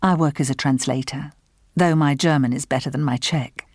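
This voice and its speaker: A woman's voice: low voice, fairly even intonation, moderate pace, a little mellow, dry recording, clean studio sound. A woman reading the part of a reserved woman translator, speaking tersely and guardedly. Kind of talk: audiobook character reading.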